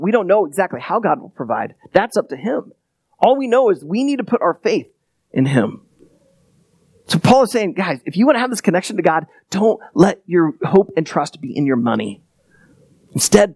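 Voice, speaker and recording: A man's voice: sits high, no echo. A male pastor preaching a conversational sermon and restarting with repeated words.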